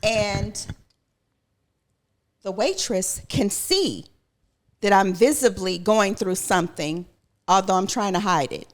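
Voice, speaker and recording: A woman's voice: medium pitch, expressive, takes it slowly, long pauses. A woman guest telling a personal story in conversation, vividly acting out what others said. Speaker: guest, educator.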